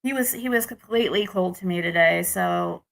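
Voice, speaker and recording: Her voice sits lowish and sounds gravelly, moving at a normal speed. She's a young adult vlogger from the United States rambling through a personal dating story for viewers, with restarts and frustrated venting.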